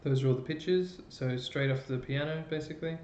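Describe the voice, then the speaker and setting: A man's voice: a little high, a little fast, a little mellow. Man explaining music tuning in a roomy space. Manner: explanatory, thinking aloud while working a computer. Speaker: chorus music educator. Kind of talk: online music lesson. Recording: roomy, dull lo-fi sound with faint noise.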